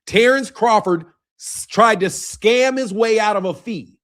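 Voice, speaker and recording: Hosting a boxing livestream, a young man speaks in a high, fairly bright voice at an unhurried pace. He fights with his chat, ranting heatedly and ending his lines with "bro" over and over.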